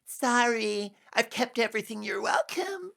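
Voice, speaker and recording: A man's voice: very high-pitched, expressive, measured pace, gravelly, pushed and bright, voice pushed up, exaggerated voice. A man putting on a self-satisfied, sing-song voice to mock a famous celebrity woman in a comic aside. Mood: fake apologetic. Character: mocking impression of a preening celebrity woman.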